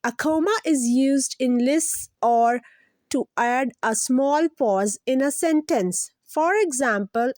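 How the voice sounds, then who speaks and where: A woman hosting a children's lesson, explaining each point slowly and simply, repeating it and asking the kids to guess. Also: high-pitched, a little mellow, no echo, studio quality. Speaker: children's teacher, channel host.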